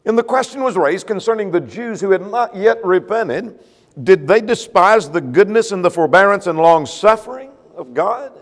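A man's voice: high-pitched, expressive, normal speed. A male preacher giving a sermon, explaining a passage step by step and asking rhetorical questions. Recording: long hall reverb.

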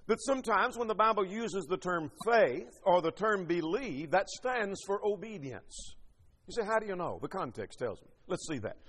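A man's voice: sits high, fairly bright tone, big-room sound. A man preaching a sermon, teaching emphatically through rhetorical questions and scripture quotations.

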